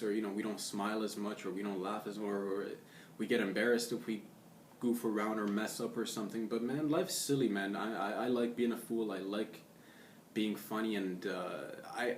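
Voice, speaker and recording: A young male vlogger rambles through a casual monologue in a laid-back, loose way, tossing in "man" and "dude." His voice sits on the low side, with slight background noise and a roomy echo from being distant from the mic.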